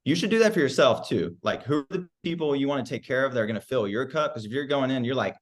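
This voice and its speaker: A man's voice: medium pitch, animated, fast. A man guesting on a podcast, talking upbeat and casually about running his practice, with lots of "like" fillers. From United States. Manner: upbeat, filler-heavy with frequent "like". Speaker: chiropractor guest.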